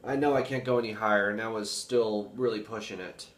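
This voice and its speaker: A young man with a baritone voice, rambling casually to camera with many fillers about reading and analyzing music. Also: steady tone, brisk, distant mic. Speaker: music student vlogger. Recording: echoey room with faint music.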